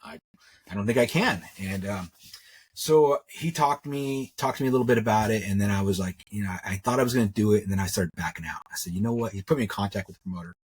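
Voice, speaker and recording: A man's voice: lowish voice, quick pace, slightly rough. A middle-aged man, a jewelry maker, telling his story in a rambling, casual way, repeating words and acting out what others said. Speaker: interview guest, metalsmith.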